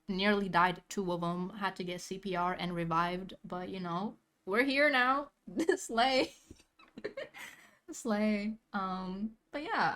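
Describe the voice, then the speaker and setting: A woman's voice: mid-range voice, pushed and bright. A young woman chatting casually as she reacts to a video, rambling in slang and laughing often.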